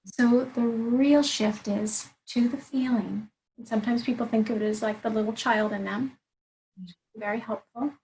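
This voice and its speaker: A woman's voice: a little high, fairly even intonation, moderate pace, darkish tone, slight background noise, rough recording. A woman life coach in an interview conversation, explaining her approach earnestly and laying out her points one by one.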